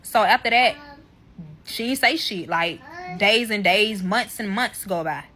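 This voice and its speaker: A woman's voice: mid-range voice, a little slow, pushed and bright. A woman telling a personal story to viewers in a casual, heated and profane way, talking straight to them. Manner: addresses viewers directly.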